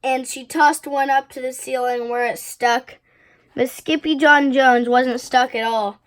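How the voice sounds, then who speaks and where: A woman reading a children's picture book aloud in an expressive way. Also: high voice, a little slow. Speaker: storybook reader.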